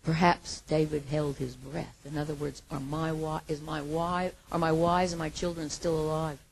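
Breathy woman preaching with passion. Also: sits low, level tone, moderate pace, rough recording. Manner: impassioned, swings between hushed and loud. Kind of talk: sermon.

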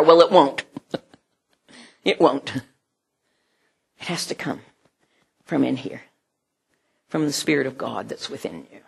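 A woman's voice: lowish voice, gravelly, breathy edge. A woman preaching a sermon in an earnest way, often dropping almost to a whisper and laughing now and then.

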